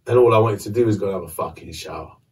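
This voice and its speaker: A man, a podcast host telling a story casually, animated and swearing. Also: deep voice, fast, far from the mic.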